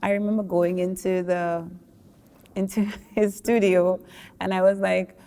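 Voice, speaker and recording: A young adult woman, a singer, talking in a relaxed, thoughtful way during an interview and laughing often. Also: mid-range voice, measured pace. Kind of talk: casual interview talk. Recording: long hall reverb.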